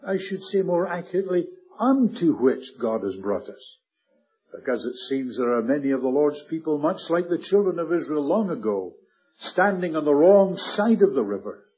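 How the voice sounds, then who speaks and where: A man preaching a Bible sermon earnestly, slowing and dropping his voice on key words. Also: a little high, slightly rough, muffled recording. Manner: earnest, emphatic, slows and drops to a hush on key words.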